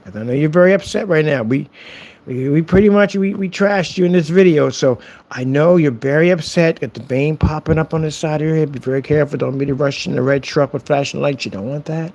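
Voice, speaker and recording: A man ranting to camera in a sarcastic, mocking way, sometimes dropping to a soft whisper as he teases. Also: a little high, lively intonation, brisk, breathy edge. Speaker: online seller of projector screen paint.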